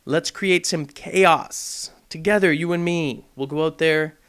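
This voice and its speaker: A brash young man rants to camera on his gaming vlog with a high-pitched voice. He talks in a provocative, joking way and keeps goading his viewers. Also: unhurried, a bit bright, clear, resonant tone. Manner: brash, provocative and jokey, mocking voices in quotes.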